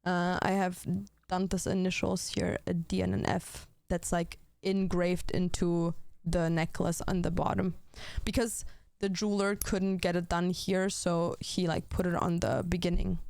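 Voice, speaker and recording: A woman's voice: fairly low pitch, little pitch movement, a little slow, creaky, a little mellow, no echo. A young adult woman streamer chatting casually and bluntly with her viewers, swearing often and talking straight to chat.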